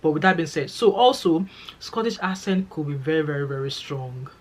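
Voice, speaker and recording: A woman's voice: fairly low pitch, expressive, brisk. A woman with a Nigerian accent, vlogging in a chatty, emphatic way, repeating phrases for stress and speaking straight to her viewers. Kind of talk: casual talking-to-camera vlog.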